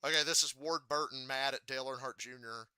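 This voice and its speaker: A man's voice: medium pitch, fairly even intonation, fast talker, bright, forceful tone, clear, resonant tone, no echo. A man streaming a live reaction, telling rambling casual stories and swearing freely.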